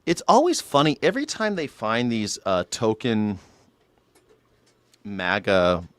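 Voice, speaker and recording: A man's voice: lowish voice, huge pitch swings, takes it slowly, no room sound. A man hosting a live news reaction show, sarcastic and mocking, with frequent profanity.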